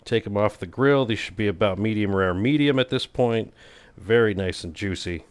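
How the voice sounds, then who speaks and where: A man's voice: lowish voice, normal speed, clear, resonant tone, no room sound. A man hosting a casual cooking video, talking in a playful, goofy way with self-mocking jokes. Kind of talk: casual cooking vlog narration.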